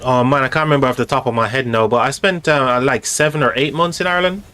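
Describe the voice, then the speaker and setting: A man's voice: medium pitch, fast talker, sharp tone. A man in the middle of his range rambles casually as he hosts a game live stream. He speaks straight to his chat, filling gaps with ums and repeated words as he spectates the match. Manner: chatty, rambling, talks directly to chat with many fillers.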